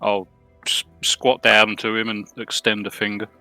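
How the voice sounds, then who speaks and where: A man's voice: lowish voice, little pitch movement, moderate pace, pushed and bright, no echo, soft background music. A man playing a tabletop game, blunt and matter-of-fact. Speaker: player.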